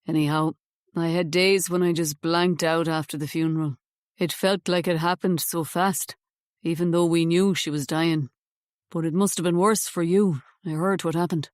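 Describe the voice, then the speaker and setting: A woman voicing a kind young male police officer, soft-spoken and sympathetic, in an audiobook reading. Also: lowish voice, fairly even intonation, normal speed, no echo, pitched below the performer's own voice, natural voice. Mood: gentle. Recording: dry close studio sound.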